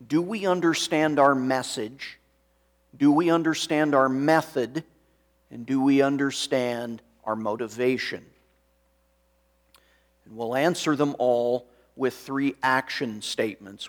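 A man preaching a sermon in a slow, measured way, reading scripture aloud. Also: mid-range voice. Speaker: pastor.

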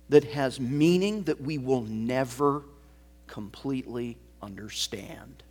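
A pastor preaching a sermon, swinging from loud emphasis to hushed, almost whispered words. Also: male voice, mid-range voice, takes it slowly.

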